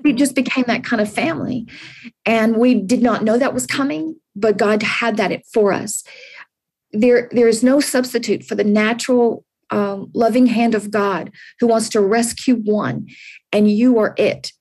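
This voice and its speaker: Husky-voiced woman in her sixties, earnest. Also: a little high, fairly even intonation, a little slow, a little mellow. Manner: earnest, repeats words, faith-filled encouragement. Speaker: podcast guest. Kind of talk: heartfelt interview answers.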